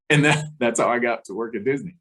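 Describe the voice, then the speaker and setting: A man's voice: medium pitch, a bit bright. A man, an engineer guest in an interview, telling his career story conversationally, chuckling often and acting out the dialogue he recalls.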